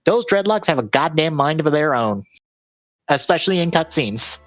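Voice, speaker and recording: A man's voice: on the high side, lively intonation, moderate pace, a bit bright, highs cut off. Guy on a gaming podcast, rambly, fixes his own slips, some faint music behind. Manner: rambling, self-correcting, laughs often. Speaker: podcast co-host. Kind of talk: casual chat and reading release lists.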